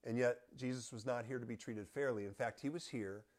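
An earnest man leads a Bible study, reading scripture aloud and then walking listeners through it. His delivery is measured and sincere, and he speaks directly to the group. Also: medium pitch, a little mellow.

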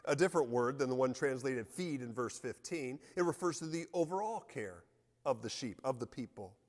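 A man's voice: medium pitch, animated, normal speed, darkish tone. Earnest male pastor in a reverberant hall. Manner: earnest, reads scripture aloud with emphasis. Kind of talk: sermon.

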